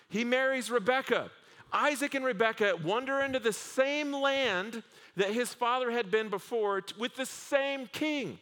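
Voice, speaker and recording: A man preaching a sermon to a congregation, telling the stories with humor and lively asides. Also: very high-pitched. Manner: humorous, animated storytelling with acted asides. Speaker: pastor. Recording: long hall reverb.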